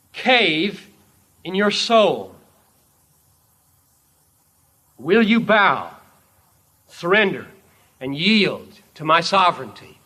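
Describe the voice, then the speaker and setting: A man preaching, speaking as Jesus as a calm, commanding sovereign king in an imagined story. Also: high-pitched, voice pushed up, full character voice. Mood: solemn. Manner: solemn, commanding.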